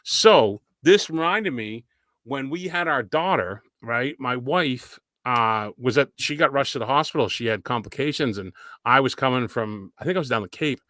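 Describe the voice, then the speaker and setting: New man in his thirties, bright, forceful tone, dry close sound, rambling anecdotal co-host. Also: mid-range voice, normal speed, no room sound. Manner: rambling anecdotal storyteller, relaxed. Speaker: podcast co-host. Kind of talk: casual chat.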